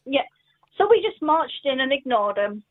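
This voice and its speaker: A woman calling in to a radio show, telling a childhood story in an animated way and acting out the voices. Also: sits high, normal speed, dry recording. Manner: animated, acts out the quoted voices. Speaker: caller. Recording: dry tinny phone line.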